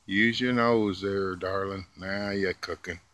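Slow folksy man coaxing squirrels. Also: sits low, steady tone. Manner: coaxing, folksy, drawling, talks sweetly to the squirrels. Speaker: vlogger feeding squirrels. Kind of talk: casual running talk to animals. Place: outdoors in a yard. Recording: faint outdoor noise.

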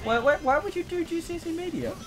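A man's voice: very high-pitched, lively intonation, quick pace, over music. A man co-hosting a gaming video, joking and chiming in with quips during casual chat. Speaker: co-host of a gaming channel.

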